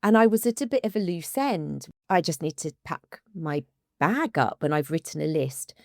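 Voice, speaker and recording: Woman cohosting a podcast, kinda low voice, stops n restarts a lot, emotional, very dry sound. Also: very animated, darkish tone, no room sound. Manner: emotional, halting, restarts often. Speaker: ADHD coach and podcast co-host. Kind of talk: casual podcast conversation.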